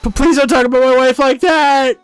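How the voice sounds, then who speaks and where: A man's voice: high voice, normal speed, no room sound, soft background music, lightly acted. A man voicing a timid, stammering male thief who whimpers and apologizes as he speaks. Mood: whimpering panic. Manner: stuttering, whiny, apologetic.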